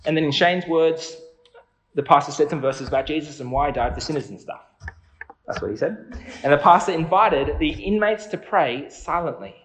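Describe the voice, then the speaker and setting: A man's voice: on the high side, expressive, normal speed, roomy sound, slight background noise, rough recording. A man preaching a sermon in an earnest, conversational way, asking his listeners questions.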